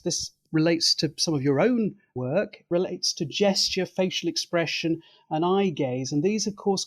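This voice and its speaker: Expert male guest, methodical lecturing delivery, slightly raised pitch. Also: a little mellow. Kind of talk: explanatory interview talk.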